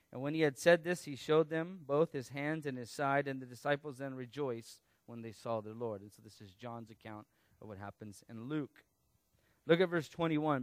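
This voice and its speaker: A man preaching a sermon, teaching through a Bible passage in a conversational, animated way with casual asides. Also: mid-range voice, dry recording. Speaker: pastor.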